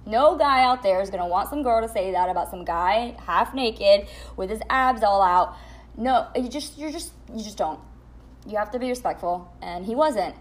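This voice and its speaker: A young woman telling a storytime vlog at home in a blunt, profane, animated way. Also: mid-range voice, normal speed. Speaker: vlogger. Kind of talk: storytime monologue.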